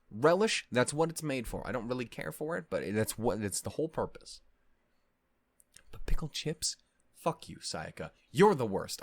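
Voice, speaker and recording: A man with a mid-range voice hosts an anime discussion, launching into a casual, profane rant laced with mock outrage. He rambles with lots of fillers and restarts, and the recording has no echo.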